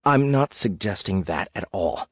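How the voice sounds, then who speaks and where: A man's voice: on the low side, animated, a little slow, fairly bright tone, breathy edge, dry recording, full character voice. An actor voicing a frustrated, earnest male game developer who pushes back against his boss.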